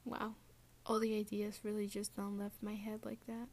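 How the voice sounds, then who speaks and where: A woman's voice: medium pitch, monotone, moderate pace, a little mellow. A young woman hosting a casual solo podcast rant, slipping often into a whisper and filling with "like". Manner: often drops to a whisper, lots of "like". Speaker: podcast host.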